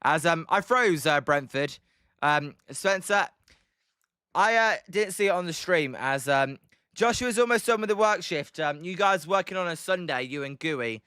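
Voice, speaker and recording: A British man with a fairly high, sharp, smooth voice hosts a live stream, calling a baseball game play-by-play at a moderate, animated pace. He chats with viewers, reads their messages aloud, and fills the gaps between plays with plenty of ums. The studio-quality audio is clean with no room sound.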